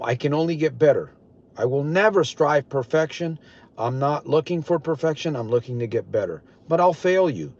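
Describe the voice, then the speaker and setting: A man's voice: a little high, darkish tone. Earnest older man preaching, muffled. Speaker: recovery coach. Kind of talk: motivational live-stream talk. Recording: dull lo-fi live-stream audio.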